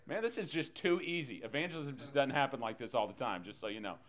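A man's voice: medium pitch, lively intonation, fast talker, fairly bright tone. A man preacher giving a sermon, telling stories animatedly with sudden bursts and chuckles.

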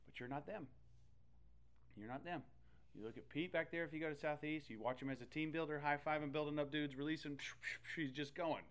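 A man preaching a sermon in an animated, conversational way, with loud bursts and playful asides. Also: a little high. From Texas. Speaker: pastor.

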